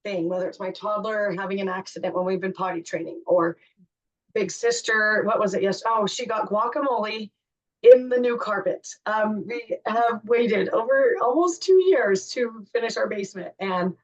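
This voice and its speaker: A woman's voice: mid-range voice, normal speed, recorded from a distance, lo-fi sound. A woman hosting a podcast, chatting candidly and telling family stories in a casual, self-deprecating way. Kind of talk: casual chat.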